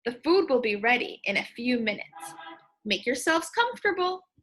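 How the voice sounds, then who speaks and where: A woman voicing a kind neighbor lady in a children's storybook, with a bright sing-song delivery. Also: a little high, big pitch swings, normal speed. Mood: cheerful. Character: cheerful neighborly woman, Mrs Perkins.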